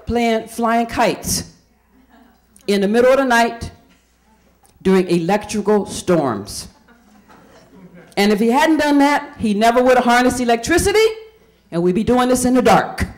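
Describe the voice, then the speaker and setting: Woman from indiana doing standup, high voice that swoops all over, keeps asking the crowd stuff. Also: lively intonation, a little slow, pauses often, darkish tone. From Indiana, USA. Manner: chatty, quizzes the crowd with questions. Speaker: stand-up comedian. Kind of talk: stand-up comedy set.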